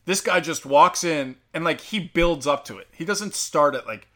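A man's voice: fairly high pitch, animated, moderate pace, pushed and bright. A young man hosting a casual, heated commentary, sarcastic and profane, with lots of fillers. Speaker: commentary host.

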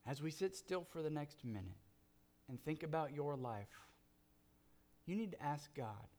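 A man's voice: on the high side, lively intonation, darkish tone. A man preaching as a pastor, leading the congregation into an earnest closing prayer with emphatic pleas. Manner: earnest, slow and emphatic, rising to fervent pleas.

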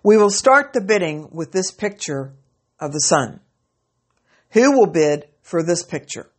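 An insistent auctioneer calls for bids in a lifted, urgent voice that climbs well above the storyteller's own register, as a woman reads him aloud. He presses the room over and over, slow and drawn out. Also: lowish voice, sing-song. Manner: calling out bids in a raised, pressing voice. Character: insistent male auctioneer at an estate sale.

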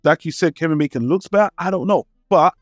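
A man's voice: on the high side, fast, no room sound. A man with a British accent, co-hosting a film podcast in a laid-back, casual chat that is peppered with swearing. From Britain. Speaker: podcast co-host.

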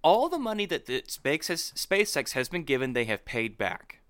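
A man co-hosting a podcast, ranting in an animated way during casual chat. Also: a little high, normal speed, no echo. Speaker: podcast co-host.

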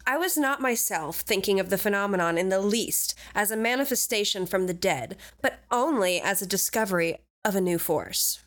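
A woman's voice: mid-range voice, lively intonation, normal speed, few pauses, fairly bright tone, natural voice. A woman reading a Victorian priest's words aloud in a breezy valley-girl voice on a podcast. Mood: earnest. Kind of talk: dramatic reading of quotes on a podcast.

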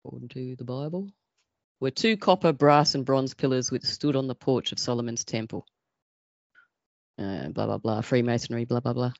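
A woman joining a casual podcast movie review as a guest, chatting in a relaxed way and laughing along. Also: a bass voice, normal speed, gravelly, dry recording, muffled recording.

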